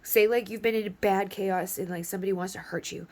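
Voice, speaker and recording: A woman's voice: mid-range voice, steady tone, a little fast. Rambling, cursing woman tarot reader. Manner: rambling, profane and playful. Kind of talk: casual tarot reading.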